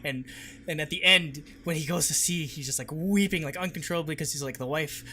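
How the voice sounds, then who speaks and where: A man chatting casually on a podcast, excitable, swearing and breaking off sentences as he hunts for words. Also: on the high side, a little fast, a crowd in the background. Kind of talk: casual movie review chat.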